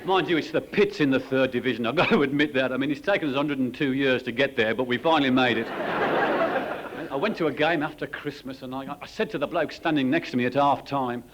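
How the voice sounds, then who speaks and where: A man doing a stand-up comedy routine in quick jokey patter, with asides to the audience. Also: medium pitch, lo-fi sound. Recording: live club recording with loud crowd laughter and noise. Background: audience laughing.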